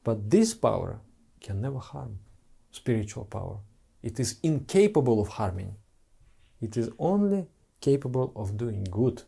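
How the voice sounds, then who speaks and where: Man, spiritual teacher, devotional talk, gravelly voice, mellow tone, heartfelt, broken English. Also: mid-range voice, sing-song, measured pace.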